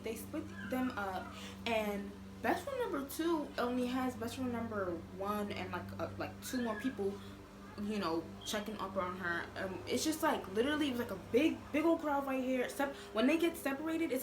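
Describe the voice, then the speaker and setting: A young woman vlogger telling a storytime in a sassy, animated way, full of fillers. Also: high voice. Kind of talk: casual storytime. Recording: echoey room with noise.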